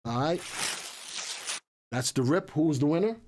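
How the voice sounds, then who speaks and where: A man's voice: a little high, expressive, normal speed, background noise. A man hosting a live stock market stream, chatting casually, joking and rambling with asides to his crew.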